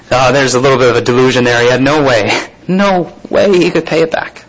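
A man's voice: on the high side, fairly quick, slight background noise, low-quality recording. A man preaching a sermon to a room of listeners, reading scripture aloud and breaking off into plain spoken asides and questions. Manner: reads scripture then comments with asides and soft laughs.

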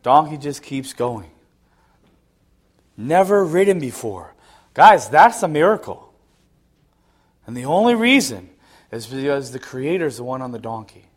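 A middle-aged man preaching a sermon, telling stories with self-mocking laughs, dropping to low mutters and rising to loud, high exclamations. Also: big pitch swings, measured pace, long pauses. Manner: laughs at himself between lines. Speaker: pastor.

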